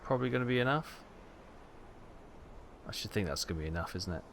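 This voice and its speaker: A man's voice: lowish voice, lively intonation, quick pace, gravelly, heavy background noise. Wry man narrating gameplay. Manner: chatty, wry, stumbles over ship names. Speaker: gaming channel host. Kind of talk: casual gameplay commentary.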